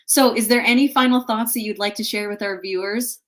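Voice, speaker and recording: A woman's voice: on the high side, steady tone, fairly quick. A woman hosting a live interview show from a home setup, effusive and encouraging, often stumbling over her first words. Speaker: host. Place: home setup with ring light.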